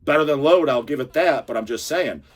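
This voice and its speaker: A man's voice: mid-range voice, a little fast. A man hosting his own channel, giving a profane, heated casual rant. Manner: profane, heated, animated ranting. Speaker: channel host. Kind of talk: ranting casual monologue. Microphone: handheld camera or phone.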